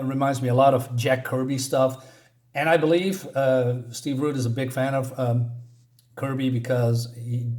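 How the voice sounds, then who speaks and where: A man walks through a comic book in a casual review, in an ordinary mid-range voice. He rambles and halts, often breaking off to restart his sentences. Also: mid-range voice. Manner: halting, rambling, many restarts.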